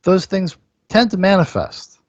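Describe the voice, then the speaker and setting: A young man co-hosting a podcast, talking in casual discussion in a measured, halting way that trails off low. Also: no echo. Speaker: podcast co-host. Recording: dry, slightly dull sound.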